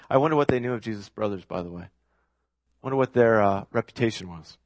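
A man's voice: lowish voice, quick pace, no room sound, clean studio sound. A man preaching a sermon, building points through emphatic repetition. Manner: emphatic, repeats key phrases for effect. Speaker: pastor.

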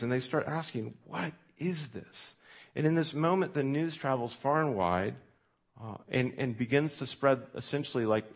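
A man's voice: mid-range voice, breathy edge. A male pastor preaching a sermon in a conversational way, with frequent fillers and restarts, reading scripture aloud with extra emphasis.

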